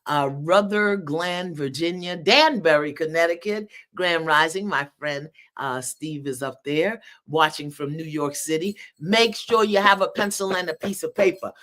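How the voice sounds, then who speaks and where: Older lady hosting a live stream, upbeat, shouting out cities, sharp bright voice. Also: fairly low pitch. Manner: lively, exuberant, calls out cities. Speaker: host of a livestream. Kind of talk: livestream greeting viewers.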